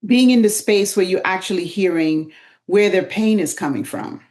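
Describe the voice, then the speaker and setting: A middle-aged woman co-hosting a podcast, asking calm, measured interview questions. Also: mid-range voice. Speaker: podcast co-host.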